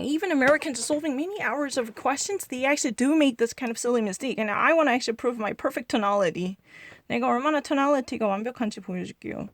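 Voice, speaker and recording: A woman's voice: on the high side, animated, very fast, no room sound. A young woman whose first language is Korean, chatting casually while gaming, boastful and defensive, switching languages mid-thought. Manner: boastful and defensive, insisting loudly. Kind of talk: casual gaming vlog chat.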